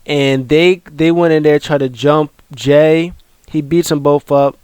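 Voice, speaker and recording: Casual recap host: a man, rambling and excitable, in a dry, close recording. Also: fairly high pitch, unhurried, smooth, dry recording. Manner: excitable, rambling with many fillers and restarts. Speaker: wrestling show recap host. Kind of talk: casual video commentary.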